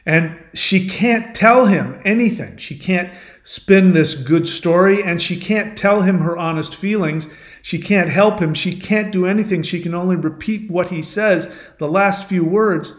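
A man with a fairly high voice tells an old myth as a lesson, chatty and explanatory. He turns often to the listener to draw out the point. His voice rings in a roomy, echoing space. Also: unhurried. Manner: conversational, explanatory asides to the listener. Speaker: channel host. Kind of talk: storytelling, retelling a myth as a lesson. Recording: roomy echo.

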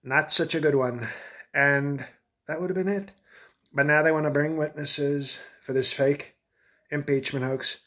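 A man's voice: on the high side, steady tone, a little slow, a bit bright. A man doing a comedic impression of a boastful older male ex-president who rambles and repeats himself. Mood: blustering. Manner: rambling, repetitive, self-aggrandizing.

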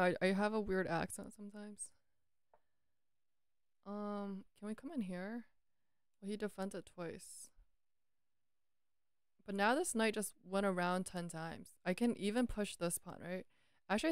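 A woman's voice: medium pitch, moderate pace, pauses often, clear, resonant tone, no room sound, studio quality. A woman talking casually to herself and viewers while playing chess online, chatty and playfully cursing. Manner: breaks into sung lines. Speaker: chess streamer.

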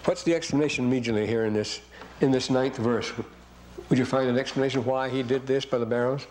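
A man's voice: medium pitch, fairly even intonation, quick pace, a little mellow, slight background noise, low-quality recording. An older man giving a classroom lecture, reading verses aloud and breaking in with rambling comments to his students.

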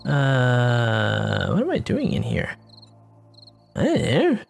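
A playful gameplay commentator talking in a hushed voice at home at night, humming silly sound effects while working. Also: medium pitch, wildly swooping pitch, slow, vocal fry, faint music behind. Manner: hushed, keeping quiet for a sleeping household.

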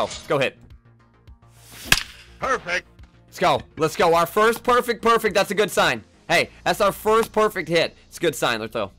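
A young man giving live, trash-talking commentary on his own baseball video game, jumping between low mutters and sudden yells. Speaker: gaming YouTuber.

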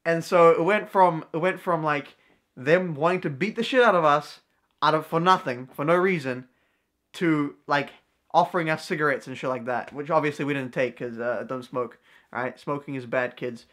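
A man's voice: on the high side, moderate pace, fairly bright tone. A young man, a vlogger and card magician, telling a story casually to camera with lots of slang and fillers. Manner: slangy, full of fillers and "bro".

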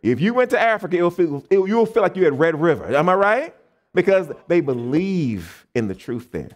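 A man's voice: high-pitched, normal speed. A man from the United States preaching a camp meeting sermon, asking the congregation questions and acting out the people he quotes. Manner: animated, call-and-response questions to the congregation; acts out quoted people in changed voices.

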